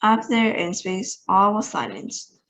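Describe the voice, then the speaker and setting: Woman, storyteller, children's book read-aloud, expressive, lively character voices, middle pitch. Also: slow, rough recording. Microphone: online meeting recording.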